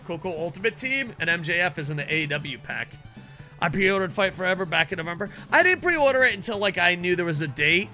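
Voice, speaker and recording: A man streaming a wrestling video game, chatting casually with his audience and reacting loudly to the matches, swearing now and then. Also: a little high. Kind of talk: casual chat over gameplay.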